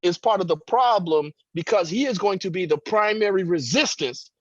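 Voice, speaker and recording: A man's voice: high voice, lively intonation, moderate pace, a bit bright, no echo, dull audio. A man giving impassioned political commentary as a radio guest, with emphatic, preacher-like rhetoric.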